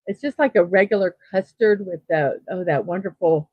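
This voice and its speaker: A woman's voice: on the low side, moderate pace, no room sound. A woman hosting a daily morning livestream, chatting casually and reading out viewer comments, upbeat and full of fillers. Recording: tinny phone-like sound, dry.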